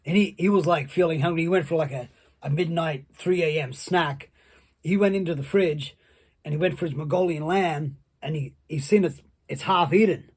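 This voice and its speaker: Husky-voiced man telling a rowdy story. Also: a little high, moderate pace. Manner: rambling, profane, building excitement. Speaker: storyteller, former wrestler. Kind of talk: casual anecdote.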